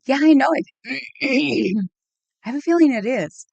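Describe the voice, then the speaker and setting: A woman's voice: high voice, animated, unhurried, vocal fry, a little mellow, no echo. A woman live streamer chatting casually with her viewers in a rambling way, laughing often and reacting to the chat.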